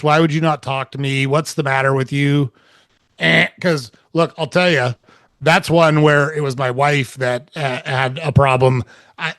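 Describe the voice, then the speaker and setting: A man's voice: medium pitch, a bit bright, no echo. Middle-aged guy swearing casually thru a story, dry close sound. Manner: candid, swears freely. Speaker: podcast guest, relationship coach.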